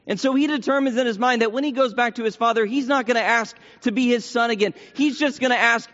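A man's voice: very high voice, normal speed, fairly bright tone. A man preaching a sermon in a church, earnest and repeating phrases for emphasis. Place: church sanctuary. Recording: long hall reverb, dull lo-fi sound.

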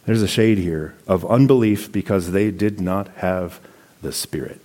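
A man's voice: low voice, a little slow, mellow. Man preaching a conversational sermon. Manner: reads scripture aloud, then comments in a conversational preaching tone. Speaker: pastor.

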